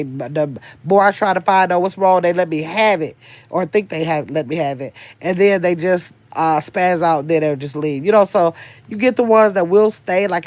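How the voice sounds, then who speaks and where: An older woman hosts a casual livestream, chatting and rambling while reading viewers' comments aloud. Her voice is on the low side, and the recording is dry.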